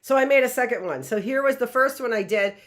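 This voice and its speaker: A woman's voice: a little high, quick pace, fairly bright tone. A middle-aged woman teacher giving a chatty, playful online lesson, often exclaiming. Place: home classroom setup.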